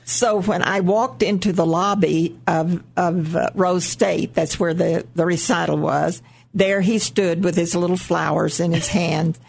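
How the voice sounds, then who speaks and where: Older woman guest, slow gravelly storyteller with a husky low voice. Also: fairly even intonation, darkish tone. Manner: slow, laughing often, quotes others in lifted voices. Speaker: guest, mother. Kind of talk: casual storytelling.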